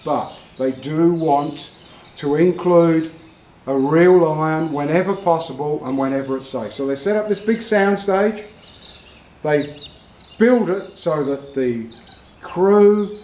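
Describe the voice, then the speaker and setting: A slow, unhurried Australian man spinning a long and rambling anecdote for his viewers. His voice sits slightly high, and he is heard from a distance in a roomy, echoing space. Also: darkish tone. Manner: slow, meandering storyteller. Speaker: vlogger, horse owner. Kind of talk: rambling anecdote told to camera. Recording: roomy echo, from far off the mic.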